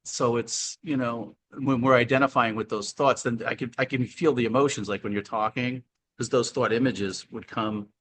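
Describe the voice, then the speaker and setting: A man with a mid-range voice joins a casual spiritual conversation as a guest over a video call. He is playful and animated and laughs easily as he speaks. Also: mid-range voice, moderate pace, slight background noise.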